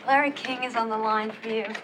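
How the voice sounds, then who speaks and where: A woman's voice: on the high side, steady tone, fast, noisy background, lightly acted. A woman playing an eager hospital nurse. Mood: polite. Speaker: hospital nurse in a comedy sketch.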